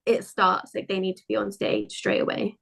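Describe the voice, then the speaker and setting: A British woman chatting on a fan podcast, relaxed as she explains her ideas at length. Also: mid-range voice, normal speed, gravelly, husky. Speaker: podcast guest. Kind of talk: casual chat.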